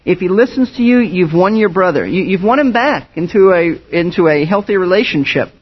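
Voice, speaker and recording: A man's voice: sits high, animated, a little fast, husky. A man preaching a sermon as pastor, earnest and emphatic, often restarting his phrases. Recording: dull lo-fi sound.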